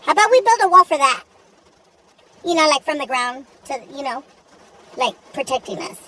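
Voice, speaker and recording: A sassy, foul-mouthed young woman, voiced by a woman for a gacha cartoon, ranting with exasperated swearing. Her voice sits high and bright, and it sounds a little far from the mic over faint background noise. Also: lively intonation, moderate pace. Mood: irritated. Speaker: voice actor for animated gacha video. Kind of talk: comedic rant monologue.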